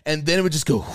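A man's voice: mid-range voice, no room sound, studio quality. A young man casually telling a wild story on a podcast, cursing freely, acting out quotes and laughing often. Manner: animated, profane, acts out quotes, laughs a lot. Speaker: podcast co-host.

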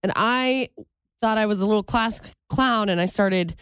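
A woman co-hosting a talk show, telling a story in casual chat and jumping into higher voices when she quotes people. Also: moderate pace, clean tone, dry recording. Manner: animated, jumps high when quoting people. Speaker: radio show co-host.

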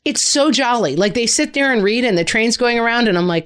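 Woman co-host, animated and playful, lively pitch, casual chat. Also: brisk. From Irish heritage, family in North America. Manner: animated, playful storyteller with big pitch swings.

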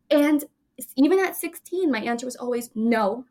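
A woman's voice: high voice, expressive, moderate pace, darkish tone. A woman in her twenties, an actress guest, telling stories in a chatty, laughing way full of fillers. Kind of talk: casual interview chat.

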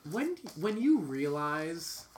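A man's voice: a little high, very animated, slow pace, slight background noise. A young man co-hosting a podcast, joking crudely in casual banter. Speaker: podcast co-host.

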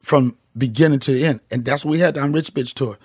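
A man's voice: medium pitch, a little fast, a little mellow, husky, no echo, clean studio sound. A middle-aged male comedian, telling emphatic, profane stories as a podcast guest. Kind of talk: casual podcast chat.

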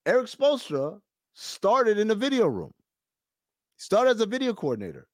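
This podcast co-host has a high voice and a moderate pace, recorded clean in the studio with no room sound. Chatting casually, he tells a story with lots of animation and swearing, mimicking other people's voices as he quotes them.

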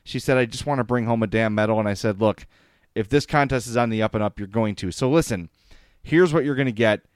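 A man's voice: on the low side, no echo, clean studio sound. A man hosting a hockey podcast, chatting enthusiastically and reading sponsor plugs. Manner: enthusiastic, chatty, gets choked up. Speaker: podcast host. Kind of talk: casual sports podcast chat with sponsor reads.

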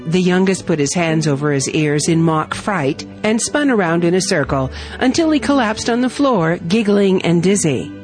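A woman reading her own heartfelt family story aloud in a gentle storytelling manner. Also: fairly low pitch, expressive, moderate pace, few pauses, faint music behind. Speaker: story reader.

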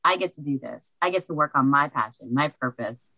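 A woman guest chatting excitedly from a small library recording studio into a cheap microphone. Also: deep voice, a little fast, no echo, low-quality recording. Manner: bubbly, excitable. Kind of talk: casual chat. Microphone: cheap desk microphone.

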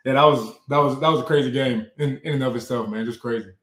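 Man, thirties, football player guest, relaxed, echoey room. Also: mid-range voice, fast talker. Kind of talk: casual interview talk.

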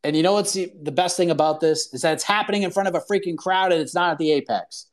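A man hosting his own fight-sports podcast, talking in a casual, excited, rambling way with slang. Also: high voice, quick pace. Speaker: podcast host. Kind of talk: casual solo show talk.

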